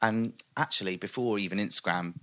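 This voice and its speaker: A man with a very low voice, chatting eagerly on a podcast. He talks about food with lots of fillers, restarts and a loose, enthusiastic flow. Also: a little fast, pushed and bright, dry recording. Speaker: podcast guest, food and travel writer. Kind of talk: casual chat.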